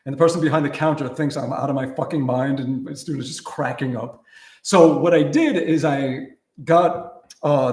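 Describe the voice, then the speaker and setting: A man's voice: on the high side, lively intonation, moderate pace, a little mellow, echoey room. A middle-aged man hosting a guitar livestream, telling loose, profane anecdotes with chuckles in a casual chatting style. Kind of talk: casual livestream chat and storytelling.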